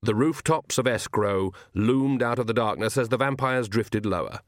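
A man's voice: mid-range voice, dry recording. Man narrating, dry close sound. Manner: even, measured storytelling. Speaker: audiobook narrator. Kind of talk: scripted narration.

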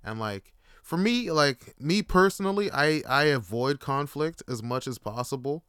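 Smooth-voiced man rambling casually. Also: mid-range voice, lively intonation, unhurried, a bit bright, no echo, clean studio sound. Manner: rambling, profane, jokey, slips into impressions. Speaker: podcast host. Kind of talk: casual solo monologue.

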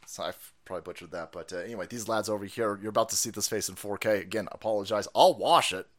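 A man hosting a profane political commentary stream, sarcastic and laughing, who breaks into loud mocking outbursts. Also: lowish voice, quick pace, few pauses. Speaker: streamer host.

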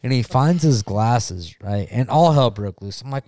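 A man's voice: mid-range voice, moderate pace, no room sound, studio quality. A young adult man telling a wild story in casual podcast chat, swearing a lot and acting out what everyone said. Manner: profane, animated, acts out quotes. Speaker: podcast co-host.

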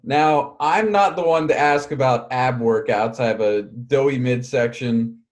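Male podcast co-host, medium pitch, wry and self-deprecating delivery. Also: measured pace. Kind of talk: casual chat.

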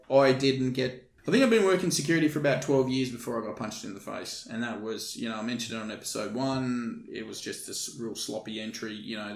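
A man's voice: mid-range voice, creaky. A man who hosts the podcast, talking casually about his years in security work, swearing freely. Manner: laid-back, swears casually, short agreements. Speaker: podcast host, security worker. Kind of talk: casual chat. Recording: echoey room.

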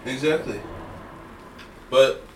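A man's voice: mid-range voice, takes it slowly, slight background noise. A man in a casual podcast chat, talking dry and laid-back. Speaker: podcast co-host. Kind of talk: casual banter. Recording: distant mic in an echoey room.

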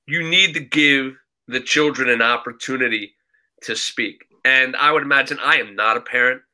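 Bright-voiced man giving earnest advice. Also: mid-range voice, poor audio. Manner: emphatic, repeats for emphasis.

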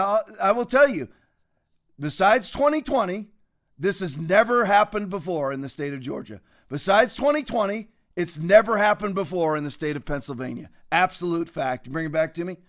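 A man's voice: sits high, a bit bright. A man hosting a commentary show, talking in a combative, mocking and preachy way. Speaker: show host.

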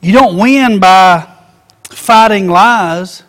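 A man with a strikingly high voice preaches a sermon, firing off rhetorical questions and slipping into little voices to act out everyday chatter. The recording carries a long hall reverb. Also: very slow, fairly bright tone.

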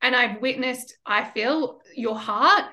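A woman's voice: a little high, slow, pushed and bright. Affirming woman podcast host. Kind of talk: casual podcast chat.

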